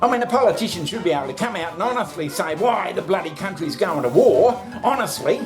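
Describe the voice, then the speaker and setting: A man's voice: high voice, sing-song, quick pace, music in the background. An Australian man in a casual ranting monologue who swears constantly, fires off rhetorical questions and talks to himself by name. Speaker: vlogger.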